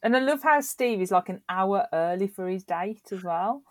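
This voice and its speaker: A woman's voice: medium pitch, lively intonation, moderate pace, no room sound, studio quality. A British woman as a guest co-host on a podcast, chatting casually about a sitcom, laughing often and chiming in with short agreeing replies. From United Kingdom. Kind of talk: casual recap chat.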